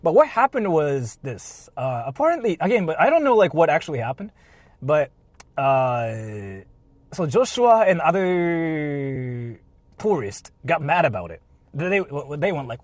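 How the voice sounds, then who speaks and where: A man telling a story in a casual vlog, animated and full of filler words. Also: a little high, moderate pace, no echo, low-quality recording. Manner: animated, heavy use of filler "like", laughs often. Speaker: vlogger. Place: inside a car.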